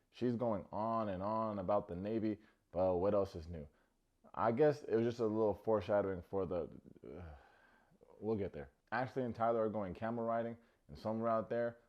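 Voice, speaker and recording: A man's voice: lowish voice, highs cut off. A man hosting a comedic TV recap, talking with playful, sarcastic asides. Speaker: recap host.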